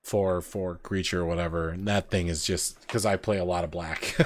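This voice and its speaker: Male podcast host, very low voice, loose rambling delivery, dry close mic. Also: expressive, measured pace, no room sound. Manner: rambling, filler-heavy storytelling. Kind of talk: casual chat.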